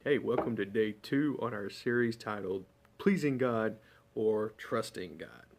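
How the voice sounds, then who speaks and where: A man's voice: lowish voice, expressive, a little slow, vocal fry. Folksy man giving a short devotional. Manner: conversational storytelling, folksy. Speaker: ministry devotional host.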